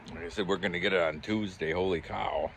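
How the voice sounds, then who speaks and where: Laid-back deep-voiced man rambling to camera. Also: fairly even intonation, a little fast, noisy background. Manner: rambling and easygoing, with chuckles and self-corrections. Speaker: pipe-smoking vlogger. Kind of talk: casual fireside chat to camera. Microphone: handheld camera.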